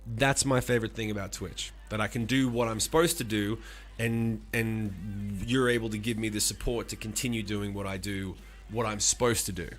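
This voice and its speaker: A man in his forties, a musician streaming live, talking casually with animated, profane rants and answering chat. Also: lowish voice, normal speed.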